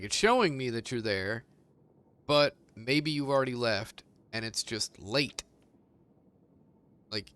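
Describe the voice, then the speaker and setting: A man streams a game and chats loosely with his viewers, wandering from story to story. He swears freely and laughs often. His voice is smooth and clear, at an ordinary middle pitch. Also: a bit bright. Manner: rambling, profane, laughs often. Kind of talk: casual gaming stream chat.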